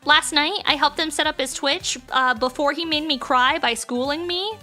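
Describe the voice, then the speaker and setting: A woman streamer talks casually with her chat as she crafts. Her voice sits very high and sounds bright and forceful, and her speech is gushing and full of fillers. Faint music plays underneath. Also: normal speed. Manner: chatty and gushing, with many fillers.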